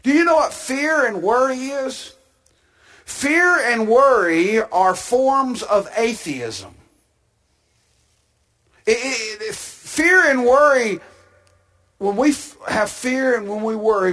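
A man preaching a sermon, with an emphatic delivery that builds to shouted climaxes and drawn-out phrases. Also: very high voice, lively intonation.

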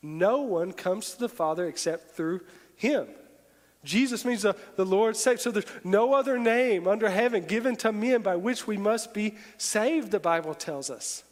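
A man preaching a sermon in an earnest, emphatic voice. His pitch sits high for a man. The sound rings with a long hall reverb. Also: normal speed. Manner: earnest, rising to forceful emphasis.

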